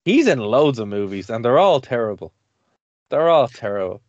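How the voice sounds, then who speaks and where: A man's voice: medium pitch, big pitch swings, normal speed, darkish tone, no room sound. Male radio host, dull dry sound. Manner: rambling, laughs often, trails off. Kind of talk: casual chat.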